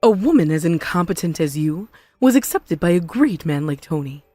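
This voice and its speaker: Woman playing a scornful mother-in-law, melodramatic, lively swooping pitch, dry close sound, faint music. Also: normal speed, no echo. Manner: scornful, melodramatic, self-pitying. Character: spiteful possessive mother-in-law, middle-aged woman. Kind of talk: animated story voice-over.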